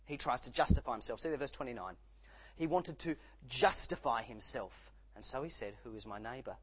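Male preacher, husky, highly animated delivery. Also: fairly quick, rough recording. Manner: animated, acts out quoted voices. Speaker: pastor. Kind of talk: sermon.

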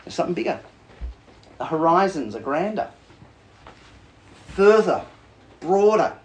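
A man's voice: high voice, a little slow. A man preaching a sermon, chatty and joking with the congregation, asking questions and reading scripture aloud. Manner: conversational, animated, jokes with congregation. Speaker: pastor.

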